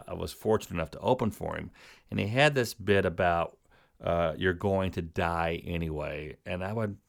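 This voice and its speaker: Deep gravelly radio host. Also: male voice, fairly bright tone. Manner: rambling, halting, full of fillers. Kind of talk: casual on-air introduction.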